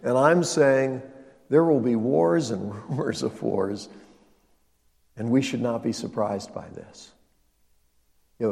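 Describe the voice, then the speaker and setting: A man preaching a sermon as pastor, emphatic and swinging between loud stresses and quiet asides. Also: mid-range voice, very animated, a little slow, vocal fry, pauses often. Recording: long reverb of a large hall.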